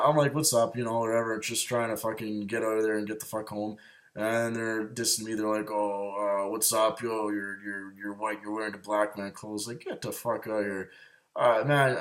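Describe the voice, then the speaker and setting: A man's voice: mid-range voice, a bit bright. A man ranting in a rambling, agitated way, swearing constantly and repeating himself as he tells of grudges. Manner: profane, agitated, repetitive. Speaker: show host. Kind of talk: rambling personal rant.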